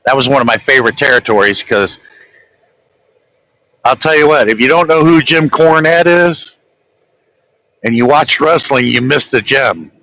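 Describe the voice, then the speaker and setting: A man's voice: mid-range voice, normal speed, long pauses, bright, forceful tone, low-quality recording. A middle-aged man vlogging from his truck, telling rambling, folksy stories and acting out quoted talk. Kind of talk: casual storytelling while driving.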